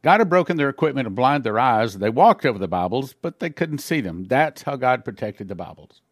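Speaking briskly and very animatedly at a medium pitch, a man shares an earnest testimony during a sermon. He tells his story plainly, with small slips, and performs dialogue by shifting into others' voices. The recording is studio quality with no room sound.

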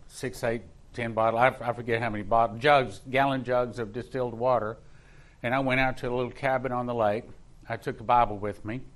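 A man preaching as a pastor, telling a personal story with emphatic, repeated phrases. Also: mid-range voice. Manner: emphatic, rising in intensity, repeats words for stress.

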